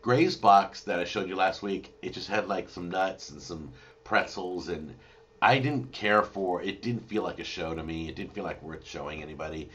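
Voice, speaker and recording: Low-voiced man chatting casually live. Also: moderate pace. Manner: rambling, animated storytelling with restarts. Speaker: cooking show host answering viewer questions.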